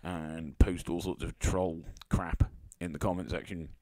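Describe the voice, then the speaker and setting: A man's voice: deep voice, fairly even intonation, unhurried, a little mellow, dry recording. A man commenting on tweets he reads aloud, sarcastic and scornful, mocking their writers with fake sympathy. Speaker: YouTube commentator.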